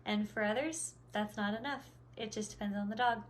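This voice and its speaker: A woman's voice: mid-range voice, normal speed, a little hiss or hum. Chatty woman explaining dog training. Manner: rambling, many fillers and restarts. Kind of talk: casual explanatory talk.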